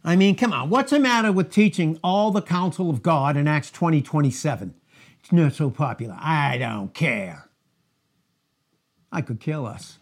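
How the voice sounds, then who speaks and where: A male pastor delivering an expository sermon, his somewhat high voice swinging up and down with a lively, animated melody. He reads old-style scripture aloud, then drops into chatty asides and rhetorical questions to the congregation. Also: a little fast. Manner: reads scripture aloud in King James phrasing.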